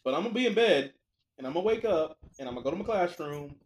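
A man's voice: a little high, animated, quick pace, poor audio. A young man co-hosting a podcast, telling a rambling story in casual chat with lots of filler words. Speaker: podcast co-host.

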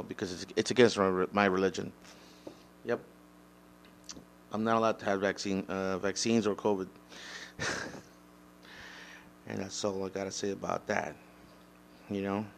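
A man's voice: fairly low pitch, a little hiss or hum. A man giving a solo opinion monologue, rambling and blunt, with profanity and frequent restarts. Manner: mocks imagined critics in a raised mocking voice. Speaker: podcast host.

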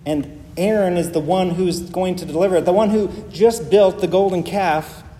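Mellow-voiced male pastor preaching in a hall. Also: sits high, moderate pace, a little hiss or hum. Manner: emphatic, builds through repeated phrases. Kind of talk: sermon. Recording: long reverb of a large hall.

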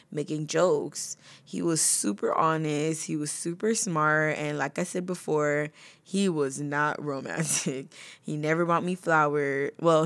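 A young woman talks straight to her viewers, relaxed and chatty, often laughing between words. Her voice sits low for a woman, with lots of "like" and "you know". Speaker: vlogger. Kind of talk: casual storytelling to the camera.

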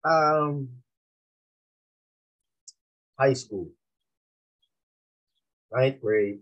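A man's voice: mid-range voice, drawn-out words, dull audio. A man from Massachusetts, a rapper guest, telling laid-back, slangy stories in a casual interview and laughing often.

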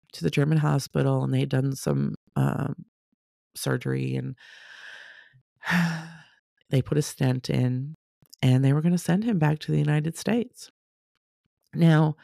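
Gravelly woman telling a story. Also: deep voice, dry recording, studio quality. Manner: animated, acts out the voices of people she quotes. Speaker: storyteller sharing a personal testimony. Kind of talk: casual personal storytelling.

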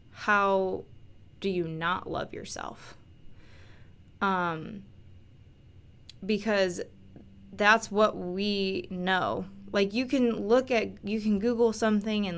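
A young woman hosting a podcast, talking casually with frequent fillers and restarts. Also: mid-range voice. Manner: chatty, many fillers and restarts. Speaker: podcast host. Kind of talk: casual monologue on self-love.

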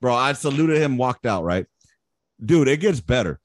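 A man in his thirties, an army veteran, telling war stories in casual chat, profane, animated and boastful. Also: medium pitch, moderate pace, dry recording, studio quality.

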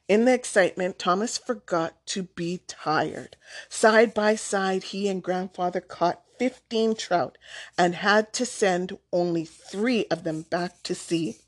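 Woman reading a kids story, really slow and calm, lowish voice. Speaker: narrator. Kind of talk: storybook read-aloud.

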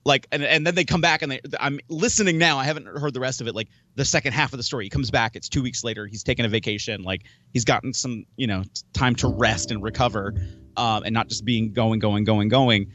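A man chats casually on a podcast and rambles through his stories, often restarting and acting out his own thoughts. His voice sits at a middling pitch. The audio is dry and a bit dull. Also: fairly quick, fairly bright tone, no echo. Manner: rambling, many restarts and quoted self-talk. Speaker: podcast host; wrestler and promoter. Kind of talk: casual chat.

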